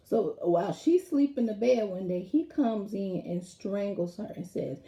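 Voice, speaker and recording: A woman casually recapping a TV episode in a rambling, animated way, acting out lines from it as she goes. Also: mid-range voice, normal speed, hardly any pauses. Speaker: TV episode reviewer. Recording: roomy echo.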